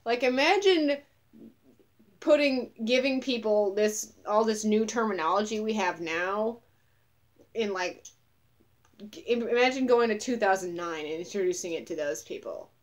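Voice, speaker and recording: A woman's voice: mid-range voice, measured pace. A young woman ranting in a casual vlog, profane, sarcastic and scornful as she recounts what she saw. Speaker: vlogger.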